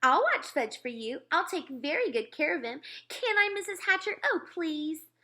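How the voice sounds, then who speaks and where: A pushy, eager schoolgirl from a storybook, gushing and begging in a high, bright, bouncing voice, as a woman reads her part aloud. Her pitch swoops up high on every plea. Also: big pitch swings, moderate pace, breathy edge, heavily acted.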